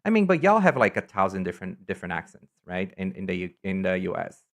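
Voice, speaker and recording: A man's voice: low voice, big pitch swings, fast talker, vocal fry. A man from Brazil with a São Paulo Brazilian accent, a native Portuguese speaker, chatting casually and rambling as he reads viewer comments on a stream.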